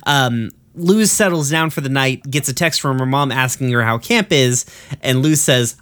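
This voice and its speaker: A man's voice: medium pitch, moderate pace, a bit bright. Rambling, profane man recapping casually. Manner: rambling, profane, filler-heavy storytelling. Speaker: podcast co-host.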